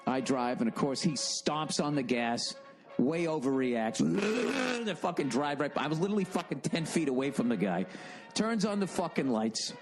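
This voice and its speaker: A man's voice: medium pitch, darkish tone. A man in his forties telling a story in a casual monologue, ranting and swearing in exasperation. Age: 40s. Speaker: podcast host.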